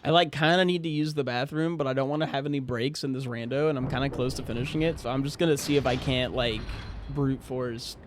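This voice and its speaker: A man streaming a video game, rambling and joking with chat and breaking into loud excited outbursts. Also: medium pitch, fast talker, background noise. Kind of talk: casual live-stream chatter.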